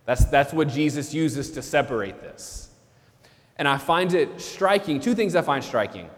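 Earnest priest preaching in reverb. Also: male voice, on the high side, animated, unhurried. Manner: earnest, repeats key phrases for emphasis. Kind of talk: sermon.

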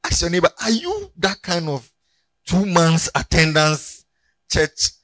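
A man's voice: a little high, unhurried, no room sound. A man preaching a sermon as pastor, joking and calling on the congregation to turn to their neighbors. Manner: animated, joking, calls on the congregation.

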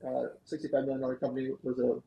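A man, a guest on a podcast, telling a long story in an animated, fast-moving way. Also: mid-range voice, gravelly, rough recording. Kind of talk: storytelling interview answer. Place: podcast studio.

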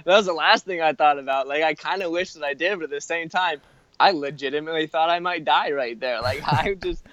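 A young man in casual chat, telling a wild travel story in an animated way, full of "like" and laughing mid-sentence. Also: on the high side, fairly quick, no room sound, dull audio.

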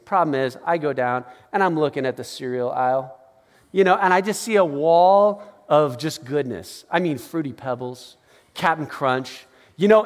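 Male pastor, conversational sermon, animated storytelling, long hall reverb. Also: a little high, normal speed. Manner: conversational, animated, acts out quotes with laughs.

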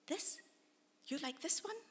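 A woman voicing a young foreign fairground girl who speaks eager, halting broken English. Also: in a large hall, close to an everyday voice. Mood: coaxing. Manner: coaxing, insistent.

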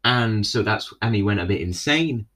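A man's voice: fairly low pitch, animated, normal speed, a bit bright. A young man casually retelling a TV episode. He rambles, fills gaps with "you know" and keeps checking in with "right?". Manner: rambling, filler-heavy, keeps asking "right?". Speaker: episode recapper.

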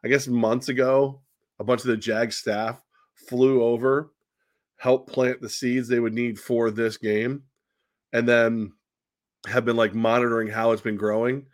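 Man, podcast host, teasing, rambling, filler words, mid pitch, dry sound. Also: level tone, a little slow, dry recording. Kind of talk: casual sports podcast banter.

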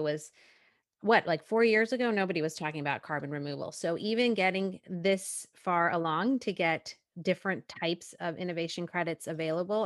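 Chatty low-voiced woman host. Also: dry recording, studio quality. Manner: chatty, restarts words, thinks aloud. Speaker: podcast host. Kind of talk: casual conversational interview.

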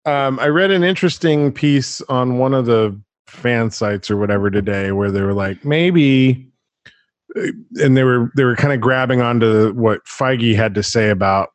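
Podcast host, man, mid-pitched, chatty and animated, dry close sound. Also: normal speed, no echo. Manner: animated, chatty, laughs often. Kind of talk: casual chat.

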